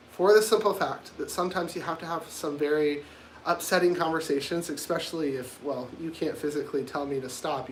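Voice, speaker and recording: A man's voice: a little high, slight background noise. A man hosting his own livestream, talking casually in a blunt, rambling and provocative way. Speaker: livestream host.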